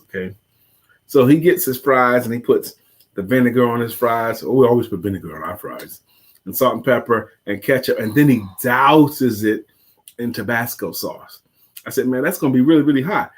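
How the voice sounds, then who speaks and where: A middle-aged man co-hosting a casual live show, telling a story with halting fillers and restarts, chuckling along. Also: medium pitch, husky. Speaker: co-host.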